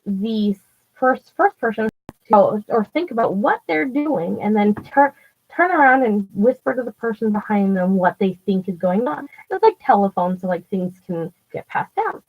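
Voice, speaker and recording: A woman's voice: mid-range voice, expressive, normal speed. A woman vlogger telling stories in a casual, rambling way, full of "like", restarts and swearing. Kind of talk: casual storytelling. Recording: dull lo-fi recording with faint music.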